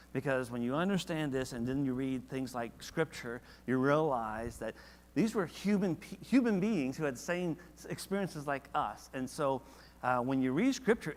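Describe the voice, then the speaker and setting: A man's voice: mid-range voice, big-room sound. A man leading a church Bible study in a casual, conversational way, often asking the class questions. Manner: conversational, asks the class questions, animated when reading verses.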